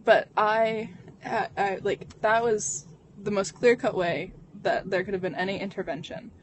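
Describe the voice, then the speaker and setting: Halting young adult talking in a car. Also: mid-range voice. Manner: halting, heavy on fillers, frequent restarts. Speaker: vlogger. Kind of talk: candid personal storytelling. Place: inside a car. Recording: vehicle noise behind. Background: car road noise.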